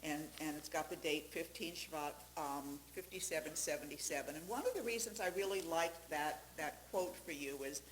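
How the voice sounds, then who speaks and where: Woman presenting a gift in an echoey hall. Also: low voice. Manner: warm, joking, halting with fillers. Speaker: congregation co-president. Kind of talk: presentation speech. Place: synagogue sanctuary. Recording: echoey room with faint hum.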